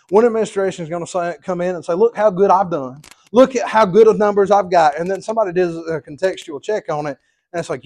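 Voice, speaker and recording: A man's voice: fairly high pitch, darkish tone. A man, preaching a sermon as pastor, impassioned and emphatic.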